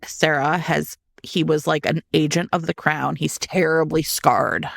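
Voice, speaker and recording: A woman on a chat podcast tells a book's story with lively energy, acting out the characters' lines as she goes. Her voice has a gravelly edge and is recorded dry and close. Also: sits low, a little slow, no room sound. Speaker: podcast co-host. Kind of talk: casual chat about books.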